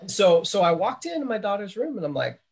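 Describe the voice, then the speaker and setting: A man's voice: high-pitched, sing-song, fairly quick, gravelly, breathy edge. A man in a church class sharing a personal testimony, telling it in a reflective, meandering way. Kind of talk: storytelling testimony.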